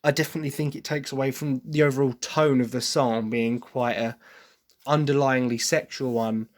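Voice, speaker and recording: A man with an English accent hosting a podcast, giving his opinions in a casual monologue from his desk, thinking aloud with restarts and quick apologies. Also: mid-range voice, steady tone. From Britain. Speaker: podcast host. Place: at a desk with written notes.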